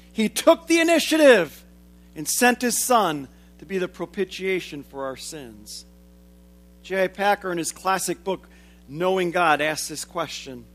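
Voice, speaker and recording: A preacher in his forties giving a sermon, swinging from loud, emphatic lines to hushed, low ones.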